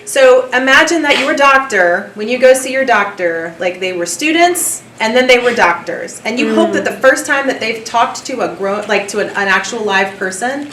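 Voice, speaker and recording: Woman, Southern accent, theatre professor, animated lecture, echoey hall, distant mic, faint background noise. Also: on the high side, normal speed, few pauses. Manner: chatty, animated, laughs often. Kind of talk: lively lecture with audience discussion.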